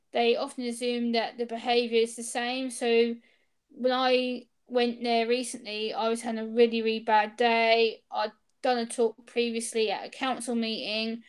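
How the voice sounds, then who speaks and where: A woman speaks as a guest in an interview, recounting personal stories. Her voice sits somewhat high. She tells them in an animated way, acting out each side of the conversation. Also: clean tone.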